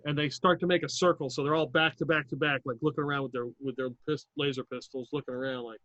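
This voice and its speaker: A man's voice: a little high, steady tone, fast talker, a bit bright, no room sound, dull audio. Male game master, casual swearing delivery, dry close mic. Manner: casual, swears, lots of fillers. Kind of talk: narrating a tabletop game.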